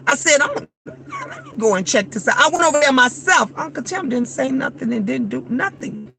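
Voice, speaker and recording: A woman in her fifties talks straight to her phone camera after her shift, blunt and animated, acting out the people she quotes. Her voice sits high and bright. A faint hum of a vehicle runs underneath. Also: moderate pace, creaky. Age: 50s. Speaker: vlogger. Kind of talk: casual chat.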